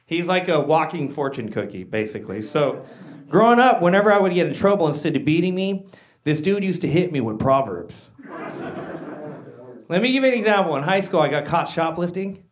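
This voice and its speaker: A male stand-up comedian with a high, very animated voice performs a set on a handheld stage mic. He is excitable and slangy, and keeps calling the crowd guys and dude. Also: brisk. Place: comedy stage before a live audience.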